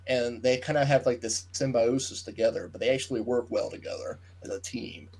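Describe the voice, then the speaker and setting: A man's voice: medium pitch, fairly quick, darkish tone. A man co-hosting a podcast, explaining plot details at length in casual chat and trailing off into asides. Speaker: podcast co-host. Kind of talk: casual book discussion chat.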